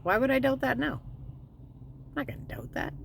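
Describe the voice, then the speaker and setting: A woman's voice: high voice, vocal fry, slight background noise. Woman vlogging about finding peace, chatty and candid, voice swings up and down a lot. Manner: candid, animated, plainspoken, slows down to stress points. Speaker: spiritual vlogger. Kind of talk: casual motivational talk.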